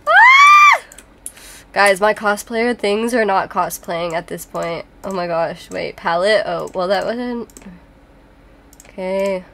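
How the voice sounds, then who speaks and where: A woman's voice: medium pitch, slow, background noise. A young woman doing casual, giggly commentary while playing a game, with dramatic squeals. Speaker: gaming YouTuber.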